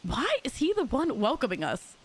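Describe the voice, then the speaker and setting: Woman reading a polite, curious young hero in a story game, fairly high voice. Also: wildly swooping pitch, moderate pace, exaggerated voice.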